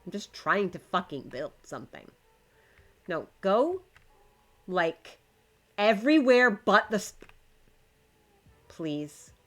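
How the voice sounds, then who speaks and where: A woman streaming live, chatting casually to her viewers and to the game while she builds, swearing when it frustrates her. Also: sits low.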